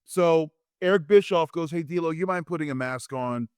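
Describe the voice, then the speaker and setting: A man in his fifties, a former wrestler and interview guest, telling lively anecdotes and acting out quotes with frequent restarts. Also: fairly high pitch, moderate pace, clear, resonant tone, no room sound, studio quality. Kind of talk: animated storytelling in a podcast interview.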